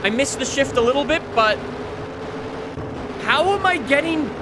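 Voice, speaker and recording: High-pitched gamer dude hyped up over a racing game, talks to himself. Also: male voice, normal speed, noisy background. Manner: excitable, laughs a lot, talks to himself. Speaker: gaming YouTuber. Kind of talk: gameplay commentary.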